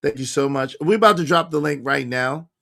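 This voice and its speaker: Hoarse, high-pitched male livestream host. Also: brisk. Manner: animated, joking, shifts between low mumbles and loud bursts. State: losing his voice. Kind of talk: casual livestream chat.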